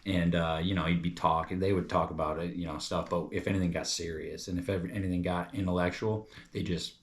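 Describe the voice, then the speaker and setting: Deep-voiced young dude from new york, rambly comedy review chat. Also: male voice, fairly even intonation, brisk. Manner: rambling, casual, says "bro" and "dude".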